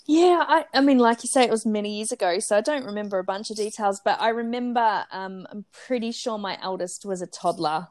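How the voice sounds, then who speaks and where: A woman co-hosting a podcast, answering in a relaxed, agreeable, conversational way. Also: mid-range voice, a little fast, few pauses, dry recording. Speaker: podcast co-host. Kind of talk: casual chat.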